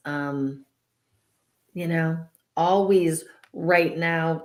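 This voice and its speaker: A woman's voice: low voice, echoey room. A woman co-hosting a casual spiritual chat, talking loosely with many fillers and easy laughs. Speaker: co-host.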